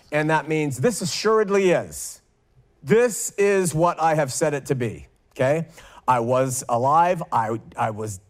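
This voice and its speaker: A man teaching a verse-by-verse Bible study, slowly working through Greek wording and often checking in with "okay?". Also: a little high. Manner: slow, deliberate reading of Greek with frequent "okay?" checks.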